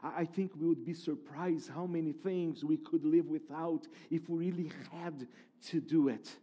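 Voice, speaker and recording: High-voiced emphatic male preacher. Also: fairly even intonation, moderate pace, warm tone. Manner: emphatic preaching with repeated phrases and restarts. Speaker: pastor. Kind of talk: sermon.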